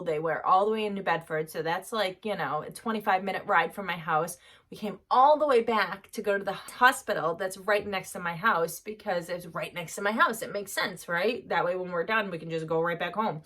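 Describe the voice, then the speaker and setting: A woman's voice: lowish voice, fairly bright tone. A woman, telling her personal story in a candid, conversational way full of fillers. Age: 30s. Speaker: vlogger sharing her recovery story.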